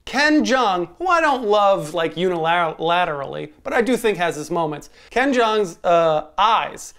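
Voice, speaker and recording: A man co-hosting a casual movie review podcast, wry and quick to laugh while making his points. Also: high voice, expressive, a bit bright. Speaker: podcast co-host.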